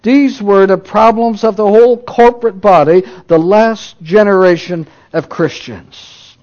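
A man preaching a sermon, moving between loud emphatic declarations and hushed low asides. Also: highs cut off.

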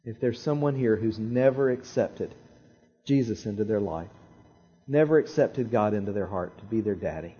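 A man preaching a sermon, telling a story in an animated way with dramatic pauses and repeated phrases. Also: on the low side, husky, highs cut off. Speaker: pastor.

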